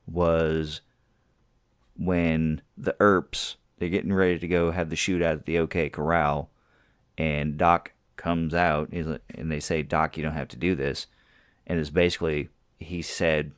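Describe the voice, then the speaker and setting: A man's voice: a bass voice, no room sound, studio quality. A man co-hosting a podcast, chatting casually about films and laughing easily. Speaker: podcast co-host. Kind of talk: casual movie review chat.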